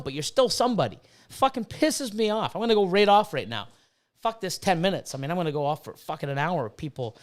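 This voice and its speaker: A man's voice: sits high, clean tone. A middle-aged man who breeds reptiles, ranting heatedly on a casual livestream, swearing constantly and repeating himself. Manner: profane, heated, repetitive ranting.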